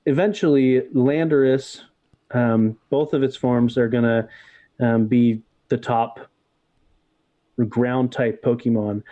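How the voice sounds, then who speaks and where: Unhurried man explaining on a podcast, mellow tone, dull dry recording. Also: mid-range voice, no room sound. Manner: explanatory, hesitant with many fillers. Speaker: podcast co-host. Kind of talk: casual podcast chat.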